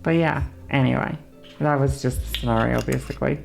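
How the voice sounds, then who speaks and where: A woman's voice: extremely low pitch, brisk, gravelly, faint music behind. A woman streamer talking casually and swearing freely, often adding "you know" as she chats with her viewers. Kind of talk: casual livestream chat.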